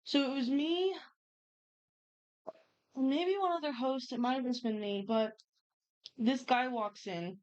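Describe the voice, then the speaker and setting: A young woman co-hosting a podcast, telling work stories in animated quick bursts. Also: sits high. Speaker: podcast co-host. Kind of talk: casual chat. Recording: muffled lo-fi audio.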